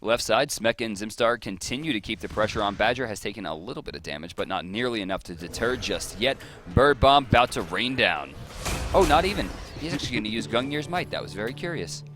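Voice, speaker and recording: A man's voice: on the low side, expressive, quick pace, hardly any pauses, fairly bright tone, faint music behind. A man doing color commentary on an esports match, with dry, sarcastic asides. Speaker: esports co-caster.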